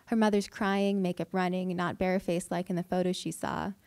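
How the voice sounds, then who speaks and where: A woman, a fiction writer, reading her own prose aloud at an event with measured, deliberate delivery. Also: lowish voice, little pitch movement, a little mellow, dry recording. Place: event hall.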